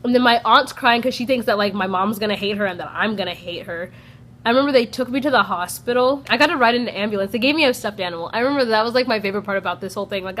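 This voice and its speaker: A woman's voice: mid-range voice, fast talker, fairly bright tone. A young American woman chatting through a personal story on her vlog, peppering her talk with "like" and acting out what people said. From United States. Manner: chatty, fills speech with "like", acts out quoted people. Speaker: vlogger. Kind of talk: casual storytime.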